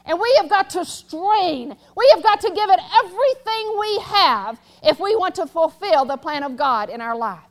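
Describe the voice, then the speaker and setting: High-voiced woman preaching emphatically. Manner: emphatic, rising to loud exhortation. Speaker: pastor. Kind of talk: sermon. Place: church sanctuary.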